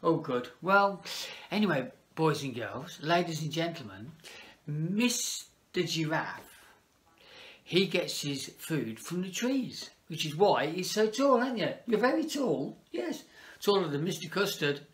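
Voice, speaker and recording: A man's voice: on the high side, expressive, slow pace, fairly bright tone. Playful children's entertainer man. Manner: chatty, playful, talks to children and to a puppet. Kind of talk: children's party entertainer talk.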